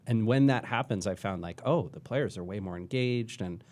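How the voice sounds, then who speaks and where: Hesitant low-voiced man guest. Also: moderate pace, a little mellow. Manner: hesitant, repeats words, many fillers. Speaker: podcast guest. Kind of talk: casual chat. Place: studio.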